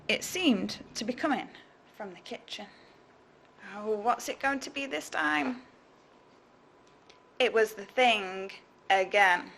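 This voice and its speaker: Woman teacher, storybook reading for kids; bright, gravelly, very slow. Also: fairly high pitch. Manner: expressive, slow, asks children questions.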